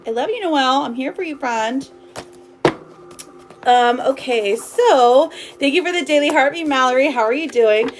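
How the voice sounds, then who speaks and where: A woman's voice: high-pitched, expressive, moderate pace, background noise. A woman doing a live tarot reading for viewers, bubbly and affectionate, chatting loosely with lots of fillers and laughs. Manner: affectionate, calls viewers girl and my love. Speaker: tarot reader.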